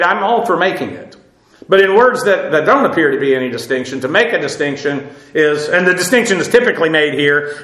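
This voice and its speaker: A man's voice: a little high, fairly bright tone, roomy sound, low-quality recording. A man preaching a verse-by-verse sermon, earnest and emphatic, with frequent uhs and repeated words. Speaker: Bible teacher.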